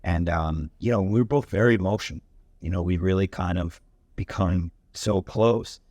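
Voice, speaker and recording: Man panelist, lively raconteur, dry close sound, acts out voices. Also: moderate pace, dry recording. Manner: lively storyteller, acts out quotes with sudden high pitch. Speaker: panelist actor. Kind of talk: animated storytelling on a panel. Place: stage panel in a museum hangar.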